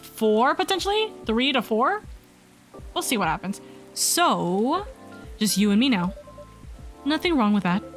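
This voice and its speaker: Hoarse woman streamer reading game dialogue. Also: a little high, sing-song, measured pace, long pauses. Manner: chatty, reads game lines aloud between asides. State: slightly hoarse, losing her voice. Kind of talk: live gameplay commentary, reading dialogue aloud. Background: faint game music.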